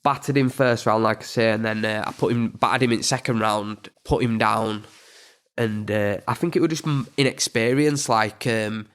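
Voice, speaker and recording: Halting Yorkshire man, boxer. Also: on the low side, fairly bright tone, clear, resonant tone. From England. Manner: halting, repeats words, plain-spoken. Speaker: boxer guest. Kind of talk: casual interview chat.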